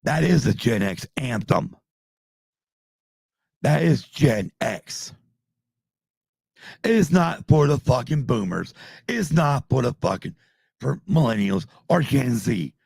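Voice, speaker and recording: Host in his 50s, husky and heated, profane live rant. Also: medium pitch, sing-song, takes it slowly, pauses often, darkish tone, no echo, clean studio sound. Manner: angry, swearing, heated. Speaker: podcast host.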